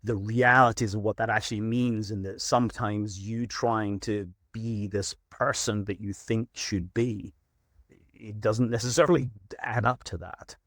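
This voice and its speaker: A man's voice: fairly low pitch, fairly even intonation, unhurried, fairly bright tone, dry recording, studio quality. A middle-aged veterinary practice manager, a man, telling stories in a casual interview and acting out his own stern warnings to clients.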